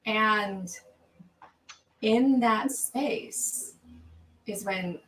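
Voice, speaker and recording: A woman coach guesting on an interview over a video call, speaking in a calm, measured and earnest way. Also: medium pitch, echoey room, far from the mic, rough recording. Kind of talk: interview talk.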